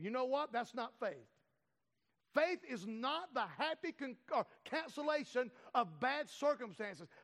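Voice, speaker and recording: Preaching a sermon in a high, slightly bright voice, a man presses on words and stretches them out to stress them. His voice echoes with the long reverb of a large hall.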